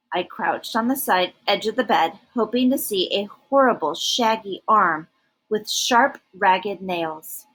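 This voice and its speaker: Slow, bright, breathy woman reading a storybook aloud with lively expression. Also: medium pitch, poor audio. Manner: animated and expressive. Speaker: storybook reader. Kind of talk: reading a picture book aloud.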